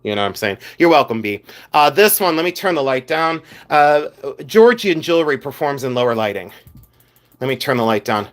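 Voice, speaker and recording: A man's voice: medium pitch, sing-song, brisk. A middle-aged man hosting a casual jewelry livestream, blunt and a bit exasperated, with lots of "uh" fillers.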